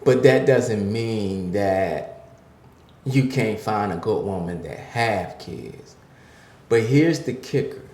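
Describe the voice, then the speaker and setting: A man in his fifties gives life advice in a low, unhurried voice. He talks slowly and hesitantly, then leans into a forceful, preacherly cadence. His voice rings in a roomy, echoing space. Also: a little hiss or hum. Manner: slow, halting start building to forceful preacherly emphasis. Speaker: speaker giving life advice to men. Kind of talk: motivational talk. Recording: roomy echo.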